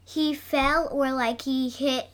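A woman's voice: sits high, fairly even intonation, slow pace, a bit bright. A woman co-hosting a casual podcast, speaking hesitantly and often giving short answers. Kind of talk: casual chat.

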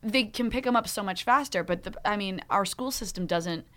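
Bright chatty woman on a podcast, laughs a lot, lively. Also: mid-range voice, moderate pace. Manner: chatty, animated, laughs often. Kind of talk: casual chat.

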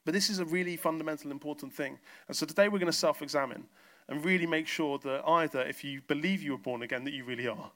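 Guy preaching in church, bright forceful voice, a bit high, acts out little scenes. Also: fast. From south coast of England. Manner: storytelling, acts out exchanges in quoted voices. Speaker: pastor. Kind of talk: sermon.

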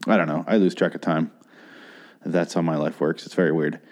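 A man's voice: a bass voice, fairly even intonation, a little fast, darkish tone. A man in his thirties hosting a podcast on his own, talking at length in a rambling, profane and self-mocking way. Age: 30s. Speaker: podcast host. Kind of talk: casual solo podcast monologue. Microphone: studio mic through a mixer.

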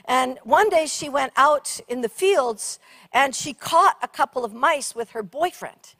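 A middle-aged woman preacher telling an animated, funny story in a sermon. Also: sits high, measured pace. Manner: animated, shrieking during funny story parts.

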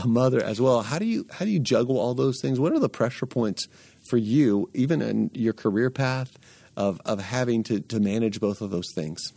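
A man's voice: mid-range voice, creaky, mellow, no room sound. A man hosting an interview, talking earnestly in a coaching tone and stringing his points together in lists. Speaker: podcast host. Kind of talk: conversational interview.

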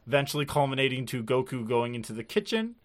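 This is a podcast co-host in loose, casual chat, recapping episodes in a rambling way with plenty of filler words. The pitch sits in the middle and swings freely up and down. Laughter keeps breaking into the talk. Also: sing-song, quick pace.

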